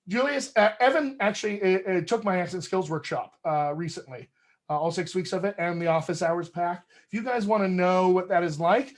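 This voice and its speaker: A man coaching actors in an upbeat, motivational live-stream talk, pitching his workshops. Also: fairly quick. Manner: upbeat, motivational, addresses viewers as friends. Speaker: dialect coach. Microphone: webcam or computer mic on a live video stream.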